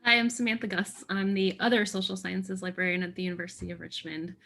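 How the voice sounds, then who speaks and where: A woman, an academic librarian, introducing herself in a low-key way. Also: level tone, fast, gravelly, fairly bright tone. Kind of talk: self-introduction on a webinar.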